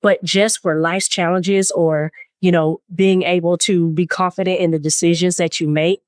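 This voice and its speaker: A woman's voice: fairly low pitch, little pitch movement, moderate pace, few pauses, dry recording, clean studio sound. A woman therapist co-hosting a casual podcast chat, speaking earnestly and reflectively. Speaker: therapist and co-host.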